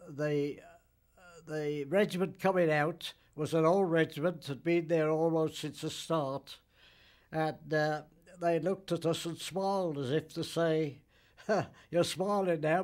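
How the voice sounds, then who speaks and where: A man in his nineties, a veteran, recounting memories in an interview, halting and plain-spoken with dialect grammar. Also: on the high side. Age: 90s. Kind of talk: recollection interview.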